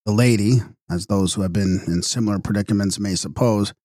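A man giving a measured, expressive reading of a gothic audiobook. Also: on the low side, no echo, studio quality. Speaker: audiobook narrator. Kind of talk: scripted narration.

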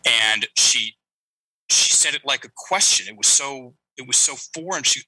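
A middle-aged man tells a story with lively energy, jumping into the voices of the people in it. His tone is strikingly bright and forward. The sound is dry and close, with no room around it. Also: medium pitch, moderate pace, breathy edge, no echo, low-quality recording. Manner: animated storyteller, acts out quoted lines. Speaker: guest, breathing and language coach. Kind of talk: storytelling interview talk.

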